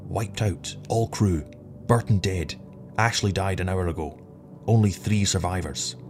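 A man's voice: deep voice, unhurried, darkish tone. A man voicing a dying, badly burned spaceman who whispers in broken, short phrases, with faint music behind. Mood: faint, failing.

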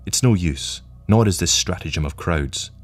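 A man voicing a calm, wry, menacing agent from the future who speaks in a measured, languid way. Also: low-pitched. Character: cold patient male agent from the future, menacing.

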